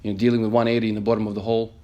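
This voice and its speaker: A man's voice: on the low side, flat delivery, very fast, warm tone. A man in his thirties, an emergency nurse, earnestly telling a story in a motivational vlog with many fillers. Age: 30s.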